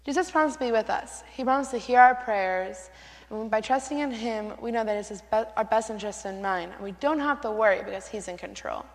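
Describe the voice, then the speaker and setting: A woman acting in a church skit as a calm believer who gives reassuring, matter-of-fact advice about prayer. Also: a little high, fairly quick, lightly acted. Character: calm, faith-filled woman advising a friend. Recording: reverberant church hall.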